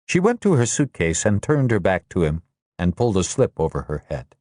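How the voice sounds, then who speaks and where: A man with a lowish voice narrates a war novel in a steady, measured way, letting his pitch move freely across each sentence. The sound is close and dry, with no room around it. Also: no echo. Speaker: audiobook narrator. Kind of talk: scripted narration.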